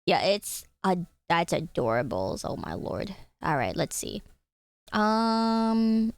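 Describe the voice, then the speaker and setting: A woman's voice: mid-range voice, big pitch swings, slow, vocal fry, clear, resonant tone, no echo. A woman streaming live, chatting casually and giggling often, with a casual habit of swearing.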